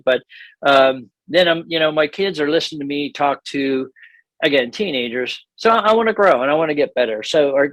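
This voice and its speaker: A man's voice: medium pitch, no echo, low-quality recording. A middle-aged man leading a church seminar, talking conversationally with frequent restarts and small laughs.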